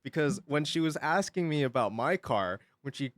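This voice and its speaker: A male livestreamer chats casually with his audience, his pitch swinging widely and lively as he tells a story at a moderate pace. He swears freely and laughs often, and the sound is dry and close with no room echo.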